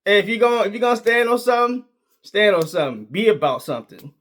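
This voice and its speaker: A sports commentator delivers a casual opinion monologue, emphatic and argumentative, packed with slang and repeating his points. He talks quickly in a high, slightly bright voice.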